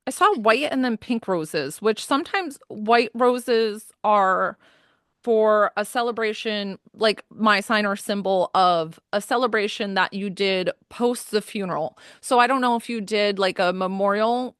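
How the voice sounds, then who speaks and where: A woman's voice: medium pitch, measured pace, fairly bright tone, clear, resonant tone, dry recording, studio quality. A woman giving a medium reading in a chatty, casual way, with lots of fillers and frequent laughs.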